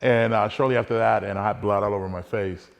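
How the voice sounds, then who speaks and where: A man with a low, gravelly voice recounts his own hunting story in an earnest, conversational way, now and then acting out what people said. His voice carries a long, echoing reverb. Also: steady tone, quick pace. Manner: earnest, conversational, drops into quoted dialogue. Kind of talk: casual personal storytelling.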